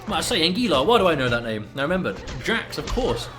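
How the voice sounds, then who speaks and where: Brief: male color caster, bit high, lively pitch, faint music behind. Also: fast talker. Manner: analytical, wry jokes about players' choices. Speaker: esports co-commentator. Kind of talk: live fighting game commentary.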